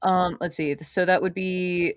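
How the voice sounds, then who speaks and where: A woman's voice: fairly low pitch, little pitch movement, measured pace, smooth, no echo. Woman player at a dnd table, casual, cusses, hesitates, dry close mic. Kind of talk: casual tabletop game chat.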